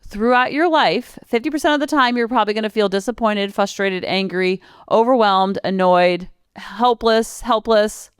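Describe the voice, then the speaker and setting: A woman's voice: medium pitch, normal speed, clear, resonant tone, no echo, clean studio sound. A woman in her forties hosting a parenting podcast, chatting casually and piling up long lists of examples. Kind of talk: casual solo podcast talk.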